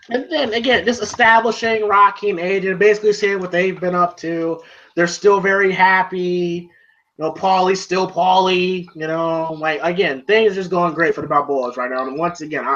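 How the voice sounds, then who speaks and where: On a dull, lo-fi home recording, a male movie reviewer casually recaps a film, rambling and peppering his talk with "you know" and "like." His voice is high-pitched with a sharp tone.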